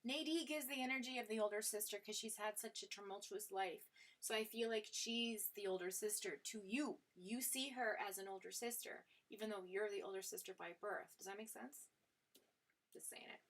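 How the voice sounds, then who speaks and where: A woman's voice: mid-range voice, moderate pace, fairly bright tone. A woman hosting a live tarot stream, chatting with viewers in an affectionate way, calling them sweetheart and darling and laughing often. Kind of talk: casual live-stream chat and tarot reading.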